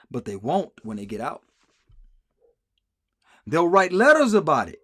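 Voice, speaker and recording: A man's voice: a little high, wildly swooping pitch, unhurried, pauses often. A man hosting a live stream, rambling through sarcastic commentary and answering comments from the chat. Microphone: streaming mic.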